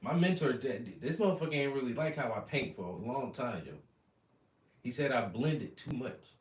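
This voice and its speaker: A man hosting a painting livestream, chatting casually in animated, profane, slangy stories. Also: mid-range voice, moderate pace, roomy sound, recorded from a distance. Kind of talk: casual chat while painting.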